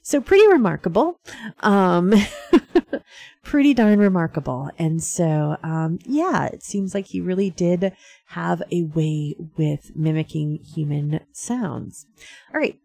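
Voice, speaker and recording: A woman's voice: on the low side, expressive, slow pace, creaky, mellow, no room sound. A woman hosting a radio show, talking casually with many fillers and small laughs. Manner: chatty, frequent fillers and laughs.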